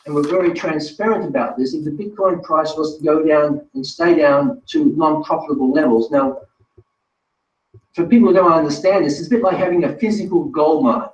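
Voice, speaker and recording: A man's voice: on the high side, expressive, brisk. A man presenting a live online webinar, talking straight to viewers in a chatty, self-correcting way. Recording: distant roomy lo-fi sound.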